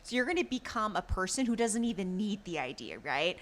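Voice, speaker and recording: A woman co-hosting a podcast in easy, animated chat. Her pitch swings widely as she talks, sitting in the middle of the range, and she laughs often between her points. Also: fairly quick, slight background noise. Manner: animated, many fillers and laughs. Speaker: podcast co-host. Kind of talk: casual chat recapping a drama.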